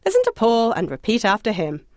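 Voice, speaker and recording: A woman narrating a scripted audio language lesson, encouraging and lightly humorous, asking the listener to answer out loud. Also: a little high, wildly swooping pitch, fairly quick, dry recording, clean studio sound. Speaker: language course instructor.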